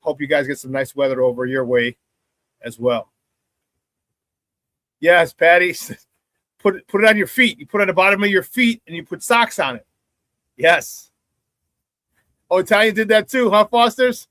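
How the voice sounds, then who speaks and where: A man's voice: high voice, normal speed, pauses often, bright, forceful tone, no echo. A man hosting a casual live sports talk show, chatting with viewers, laughing often and repeating phrases for emphasis.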